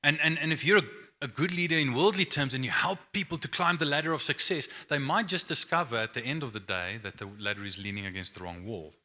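A man's voice: mid-range voice, fast, few pauses, bright, forceful tone. A man preaching a sermon in a conversational, emphatic way with light humor.

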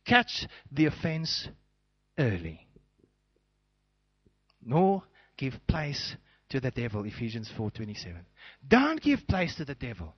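Animated preaching man, dry and dull. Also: mid-range voice, measured pace, slightly rough, no room sound. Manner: animated preaching, acting out little scenes. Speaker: pastor. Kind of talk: sermon.

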